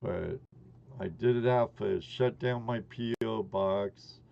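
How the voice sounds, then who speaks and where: Slow, gravelly man in his sixties. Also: on the low side, darkish tone, muffled recording. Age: 60s. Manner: greets chat viewers by name, rambling and chummy. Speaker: live-stream host. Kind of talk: casual live-stream chat.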